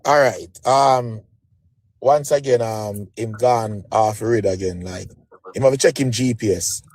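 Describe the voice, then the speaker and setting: A man's voice: on the low side, a little slow, a little mellow, no room sound. Dismissive Jamaican man, dry sound. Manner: dismissive, hesitant with fillers. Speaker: debate caller. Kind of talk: live stream debate.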